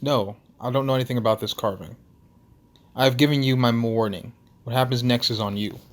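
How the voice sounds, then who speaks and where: A man voicing a massive, menacing male lighthouse keeper in an attempted Russian accent, reading lines from a story game in a gruff, clipped, threatening way. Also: medium pitch, a little fast, lightly acted. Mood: grave.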